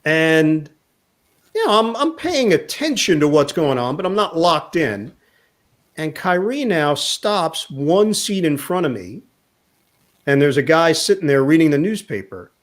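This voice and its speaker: A man, a sports broadcaster, telling an animated anecdote in a casual interview and quoting people along the way. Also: fairly high pitch, unhurried. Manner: animated anecdote teller, quotes others in voices.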